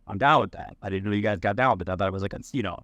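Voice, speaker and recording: A man's voice: fairly low pitch, rapid-fire, dry recording, muffled recording. A man on a podcast co-hosting from a cigar bar, telling stories casually and acting out the people he quotes. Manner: animated, acts out quoted voices. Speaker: podcast co-host. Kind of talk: casual storytelling.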